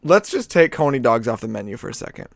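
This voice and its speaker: A man co-hosts a casual podcast, prone to dramatic exaggeration and frequent laughter. His pitch is ordinary for a man, and the recording is dry and close. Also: sing-song, quick pace, vocal fry, no room sound. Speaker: podcast co-host. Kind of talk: casual chat.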